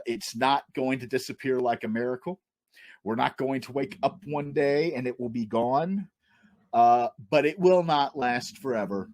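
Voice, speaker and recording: A man's voice: medium pitch, a little mellow. A man hosting a comedy panel over a video call, telling a rambling story with lots of fillers and giggles.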